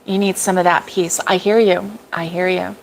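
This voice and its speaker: A woman's voice: lowish voice, flat delivery, moderate pace, vocal fry, slight background noise, poor audio. A middle-aged woman hosting a casual live stream from a cabin, chatty, laughing often and reading viewer comments aloud. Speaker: crochet vlog host. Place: cabin in the woods.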